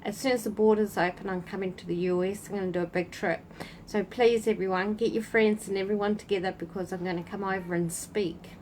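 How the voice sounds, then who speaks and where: A woman's voice: medium pitch, steady tone, brisk, a little hiss or hum, rough recording. Chatty woman on an outdoor livestream. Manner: chatty, warm greetings to viewers by name. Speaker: spiritual channel host. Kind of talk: casual livestream chat. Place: outdoors at night in a breeze.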